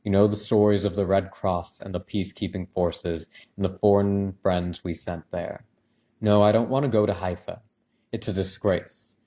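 A man voicing an anguished middle-aged husband who speaks forcefully and emphatically in a storybook reading. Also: low-pitched, steady tone, normal speed.

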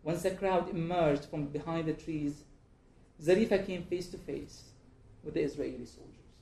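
A man with a slightly high, mellow voice. He reads from his book slowly and with care, and when he answers questions he stumbles and restarts. The sound is echoey, like a bare room. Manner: measured, deliberate reading; halting, repetitive speech when answering. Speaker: author and guest. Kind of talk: reading aloud from his book, then interview answers.

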